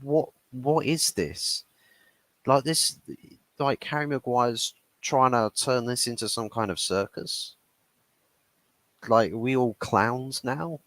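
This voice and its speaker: A man's voice: medium pitch, slow, a bit bright, no room sound. A man hosting a football channel, ranting in casual chat and acting out quoted dialogue with frequent restarts. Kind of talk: casual chat, opinionated rant.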